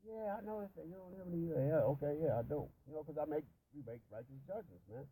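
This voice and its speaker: Casting: man, dark mellow tone, rambling profane storyteller, faint noise behind. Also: fairly high pitch, quick pace, poor audio. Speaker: religious discussion participant. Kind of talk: casual profane chat about scripture.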